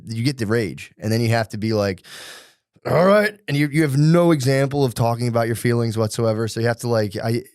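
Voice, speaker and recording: A man's voice: medium pitch, a little mellow, no echo. Rambling profane man, dry close sound. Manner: rambling, profane, drops to muttered asides when quoting himself. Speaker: podcast co-host. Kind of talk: casual chat.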